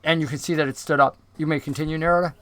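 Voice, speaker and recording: A man's voice: on the high side, steady tone, rapid-fire, a bit bright, dry recording. A man narrating as dungeon master in a tabletop game, describing scenes in a casual way with many fillers.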